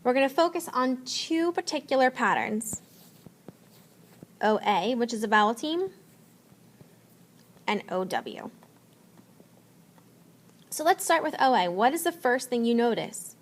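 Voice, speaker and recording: A woman teacher giving a spelling lesson, slowly and patiently sounding out letters and words. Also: on the high side, expressive.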